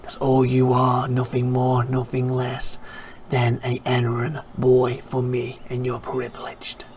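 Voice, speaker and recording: A man voicing a smug male wrestler who talks down to rivals slowly and quietly, sometimes in a whisper. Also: mid-range voice, monotone, a little hiss or hum, natural voice.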